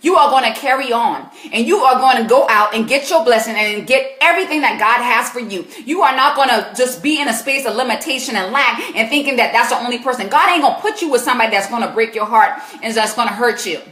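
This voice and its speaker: A woman with a South Carolina accent coaches viewers live, her voice set a touch high. She talks in an emphatic, preachy way, answering the people writing in. The sound rings off the walls of an echoey room. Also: fast talker, hardly any pauses, a bit bright. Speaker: Christian life coach. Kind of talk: live Q&A advice stream.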